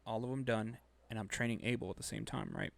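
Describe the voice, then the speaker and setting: A man co-hosting a casual chat show, telling a work story in an animated, profane way. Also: lowish voice, fast, vocal fry. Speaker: podcast co-host.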